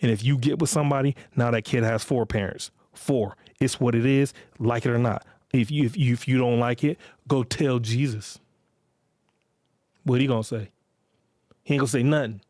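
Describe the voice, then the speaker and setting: A man's voice: mid-range voice, steady tone, normal speed, a little mellow, no room sound, studio quality. A middle-aged man hosting a podcast, talking bluntly and with profanity as he lectures and acts out what people would say. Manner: blunt, profane, preachy, acts out quoted lines. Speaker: podcast host. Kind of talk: casual monologue.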